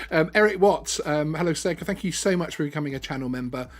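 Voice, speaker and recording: A man's voice: on the high side, expressive, moderate pace. A man hosting a live stream, talking casually with many ums and restarts. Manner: chatty, lots of ums and restarts.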